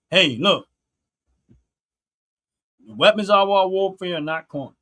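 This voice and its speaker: A man's voice: high voice, lively intonation, slow pace, sharp tone. A man hosting his own channel, delivering a solo opinion monologue in an earnest, preachy, repetitive way. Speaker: channel host.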